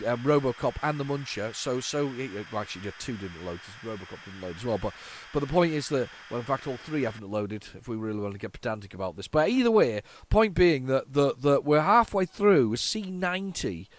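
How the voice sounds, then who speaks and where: Some hiss or hum sits under this medium-pitched British man's voice. Loading an old cassette for his retro computing video, he offers casual solo commentary full of nostalgia, stumbling through false starts and repeated words.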